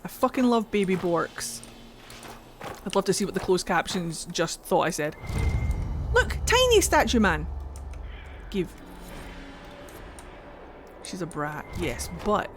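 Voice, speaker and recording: A woman's voice: on the low side, measured pace, pauses often, background noise. A Scottish woman chatting and joking playfully while she streams a video game, swearing now and then. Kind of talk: casual game commentary.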